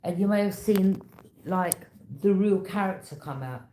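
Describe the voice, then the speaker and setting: A woman's voice: mid-range voice, a little slow, mellow, a little hiss or hum. A woman giving a tarot reading in a casual, conversational storytelling manner, knowing and direct. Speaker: tarot reader. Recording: echoey room.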